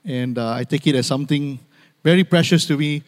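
Man, pastor, sermon, fairly high voice, repeats phrases, long church reverb. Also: fairly quick. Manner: preaching with call-and-response, repeating phrases for emphasis. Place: church sanctuary.

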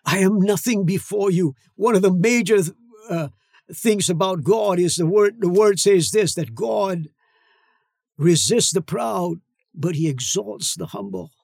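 Man, middle-aged pastor, emphatic sermon delivery, gravelly, dry recording. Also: high-pitched, expressive, no echo. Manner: emphatic preaching with dramatic slow-downs and shouts.

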